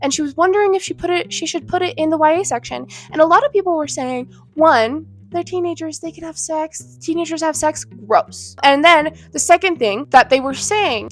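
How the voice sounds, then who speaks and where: A woman's voice: high-pitched, normal speed, few pauses. A woman in her twenties giving a heated, indignant rant to camera, blunt and swearing. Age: 20s. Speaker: vlogger. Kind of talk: ranting commentary to camera. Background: faint background music.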